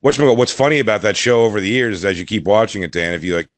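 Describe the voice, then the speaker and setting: A man's voice: lowish voice, expressive, racing, dry recording. A man appearing as a guest on a comedy talk show, chatting with fillers and restarts. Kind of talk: casual chat.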